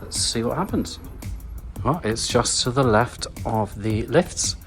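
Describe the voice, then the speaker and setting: A man's voice: mid-range voice, moderate pace, music in the background. A man presenting a travel vlog, joking and theatrical as he walks through an airport and into a tiny hotel cabin. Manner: playful, theatrical, self-mocking. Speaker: travel vlogger.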